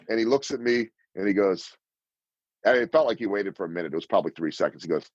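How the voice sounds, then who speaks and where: A man's voice: fairly low pitch, lively intonation, quick pace, no echo, lo-fi sound. A man in his fifties, a sports broadcaster guest telling stories in an interview and acting out the lines he quotes. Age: 50s. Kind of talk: storytelling interview answers.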